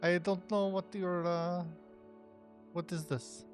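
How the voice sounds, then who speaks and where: A woman playing a tabletop game, talking casually and defending herself with halting restarts. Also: on the low side, level tone, a little mellow, faint music behind.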